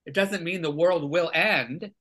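A man's voice: a little high, measured pace, pushed and bright. A man as a podcast guest, arguing his points emphatically in casual conversation. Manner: emphatic, argumentative, lecturing.

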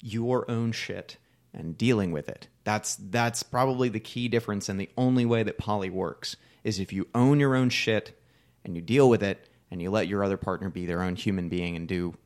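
A man's voice: on the low side, moderate pace, darkish tone. A man co-hosting a casual podcast chat, frankly explaining relationship advice as a life coach.

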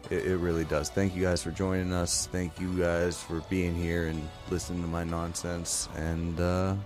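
A man's voice: sits low, flat delivery, normal speed, music in the background. A man co-hosting a podcast, rambling cheerfully as he thanks the listeners. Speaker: podcast co-host. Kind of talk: casual group chat sign-off.

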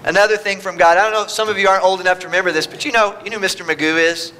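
A man preaches with a bright, forceful tone and a notably high voice. He reads scripture aloud and speaks God's lines in the first person, building emphasis in his delivery. His style is pulpit preaching throughout. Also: steady tone, very fast, clean tone. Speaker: pastor. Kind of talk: sermon.

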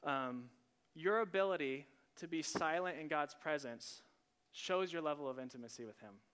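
A man preaching a sermon as a pastor, in an earnest, animated, conversational way, often starting with "listen". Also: fairly high pitch, moderate pace, clean tone.

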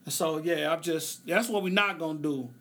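A man hosts a solo podcast in a slightly high, sharp voice, preaching with passion in drawn-out phrases. He's emotional and tearing up, yet loose and joking at times, laughing often.

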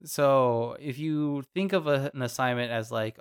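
A man's voice: mid-range voice, vocal fry, clear, resonant tone. A man co-hosting a podcast, chatting casually and animatedly about a cartoon episode. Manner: chatty, animated, quick asides. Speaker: podcast co-host. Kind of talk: casual chat.

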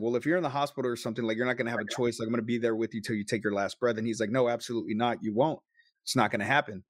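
Man, 30s, spins a raw personal story with swearing and quick bursts, mid pitch, dead-dry room. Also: no echo. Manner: emotional, profane, quick bursts. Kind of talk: casual storytelling.

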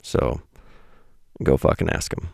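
Slow and darkish in tone, a very deep, gravelly voice belongs to a podcast host in his thirties reading his weekly essay. He keeps it casual, wry and self-deprecating, dropping blunt asides along the way, in a studio-quality recording with no room sound.

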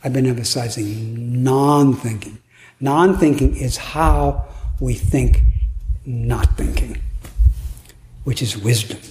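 Slow and a little mellow, this mid-range male voice belongs to a Zen teacher giving a retreat dharma talk, playfully musing aloud with occasional laughter. The room echoes and there's faint background noise.

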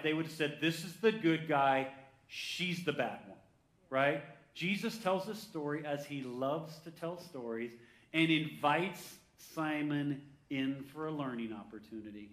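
A man preaching a sermon with energy, who reads scripture slowly and calls out to the congregation for answers. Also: fairly high pitch, fairly bright tone, reverberant. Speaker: pastor.

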